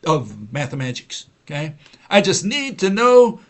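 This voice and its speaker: A man with a somewhat high voice hosts a livestream and lectures in a long, rambling monologue. He argues and repeats himself, filling gaps with "uh" and "you know," and he mocks the people he disagrees with by mimicking them. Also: very animated, measured pace, fairly bright tone. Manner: argumentative, repetitive, with frequent "you know" and "uh" fillers; mocking, mimics opponents in quoted voices. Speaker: host of a science-skeptic livestream.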